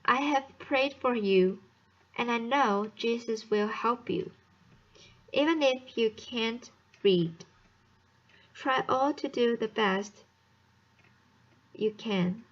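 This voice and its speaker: A woman reading the lines of a gentle, dying young girl, slowly and haltingly with restarts. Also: fairly high pitch, highs cut off. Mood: tender.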